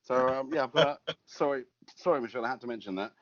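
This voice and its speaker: A man's voice: medium pitch, quick pace. Rambling man on a film podcast. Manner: rambling, stumbling restarts. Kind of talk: casual film review chat. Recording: lo-fi podcast audio.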